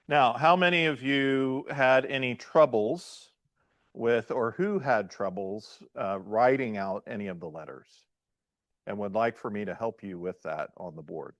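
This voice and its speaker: A man's voice: medium pitch, a little slow, fairly bright tone, no room sound. A pastor teaching a beginners' language class, quizzing his students and checking in with "right?" and "okay?" as he goes. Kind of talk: classroom lesson.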